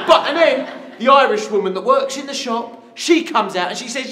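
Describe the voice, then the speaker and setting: Animated man telling a stage story. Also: sits high, brisk. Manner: animated, acting out dialogue and chanting refrains. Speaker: stage performer. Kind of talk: theatrical storytelling monologue. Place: theater stage. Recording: roomy hall with live music.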